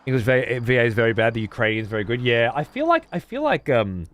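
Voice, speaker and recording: A man's voice: medium pitch, very animated, fast talker. A man giving casual gameplay commentary as a streamer, profane and sarcastic.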